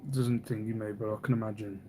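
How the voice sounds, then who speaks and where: A man's voice: lowish voice, little pitch movement, fast, warm tone, a little hiss or hum. A man hosting a casual live stream, rambling, teasing, and reading viewer comments aloud. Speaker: livestream host.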